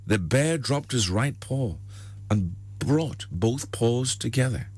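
A man's voice: mid-range voice, expressive, slow, darkish tone, dry recording. A man, a radio host who tells jokes in a chatty way and laughs often. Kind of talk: joke telling on radio.

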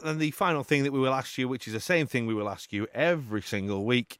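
Smooth-voiced man hosting football radio. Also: medium pitch, quick pace, no echo, studio quality. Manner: jokey, laughs often. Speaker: radio football show host. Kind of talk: radio show presenting. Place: radio studio.

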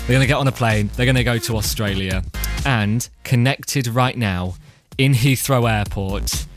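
A man's voice: mid-range voice, moderate pace, over music. A young man hosting a radio show, chatty and teasing with his guests. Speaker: radio presenter. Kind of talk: casual radio phone chat.

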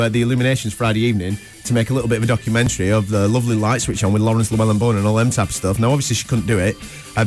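A man hosting a breakfast radio show, telling rambling jokey stories in casual chat. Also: medium pitch.

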